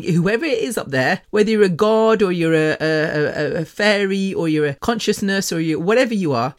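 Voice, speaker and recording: A woman's voice: on the low side, fairly quick, hardly any pauses. A woman hosting her own podcast, talking bluntly and candidly, swearing freely and getting over the top. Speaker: podcast host. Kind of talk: candid solo podcast monologue.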